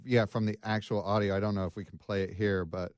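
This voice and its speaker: A man with a fairly low voice talks through a story in a loose, casual way, full of ums and false starts. The sound is dry and close, with no room around him. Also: fairly even intonation, fast, a little mellow, no room sound. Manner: recounts a case, many ums and restarts. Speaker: podcast host.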